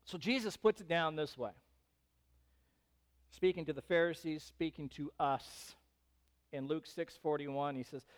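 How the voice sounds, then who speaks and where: A male pastor delivers a sermon in a high, smooth, resonant voice. He preaches in an animated way and rises into loud, emphatic bursts. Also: measured pace, pauses often.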